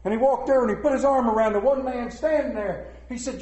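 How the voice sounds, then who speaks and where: A man preaching to a room of listeners in a folksy, joking storytelling style, dropping to a hush and rising again. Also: high-pitched, fast, hardly any pauses, a crowd in the background. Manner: joking storyteller, swings between loud and hushed. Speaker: preacher speaking to a congregation. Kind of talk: folksy sermon. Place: large hall with an audience. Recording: roomy echoing hall.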